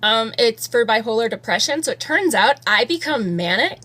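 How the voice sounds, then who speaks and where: A woman's voice: fairly high pitch, animated, moderate pace, a bit bright. A woman in her thirties chatting casually on a live stream at home, rambling and candid and swearing freely while she does her makeup. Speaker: livestreamer.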